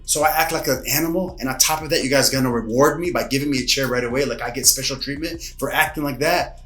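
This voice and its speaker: Martial arts coach telling a story in an echoey room. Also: male voice, mid-range voice, fast talker. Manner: lively, dramatic retelling with acted-out quotes. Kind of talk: casual storytelling to camera. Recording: echoey room, faint music behind.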